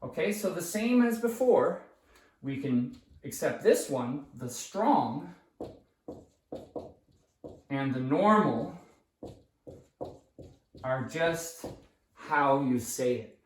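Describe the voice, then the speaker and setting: A man's voice: fairly high pitch, expressive, very slow, long pauses. A man teaching English grammar at a whiteboard, patient and repetitive, often checking in with "okay?". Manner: patient, repeats key phrases, checks in with "okay?". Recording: echoey room, voice far from the mic.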